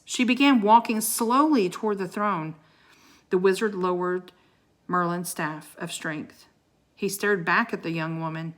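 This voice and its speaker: Slow, expressive woman reading a children's book. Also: lowish voice. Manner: dramatic, pausing to show pictures. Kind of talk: expressive read-aloud storytelling.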